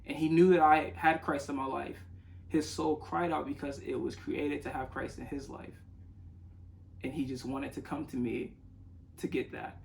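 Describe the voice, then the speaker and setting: A young man, a youth ministry leader, telling a personal faith story in an earnest, halting way with frequent restarts. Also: medium pitch, little pitch movement, creaky, slight background noise, rough recording. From United States. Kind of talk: personal testimony.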